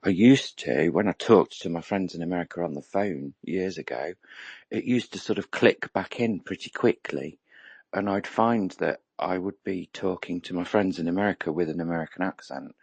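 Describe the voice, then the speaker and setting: A man's voice: low voice, moderate pace, gravelly, darkish tone, husky, no room sound. A middle-aged man with an English accent, chatting casually and reflectively, rambling with lots of ums. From England. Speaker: roundtable participant. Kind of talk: casual chat.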